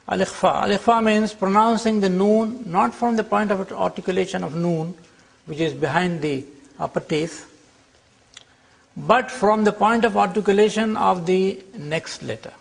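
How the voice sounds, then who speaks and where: A man teaching a class, explaining slowly and checking that his students follow. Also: high-pitched, gravelly. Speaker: Arabic teacher. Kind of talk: classroom lecture.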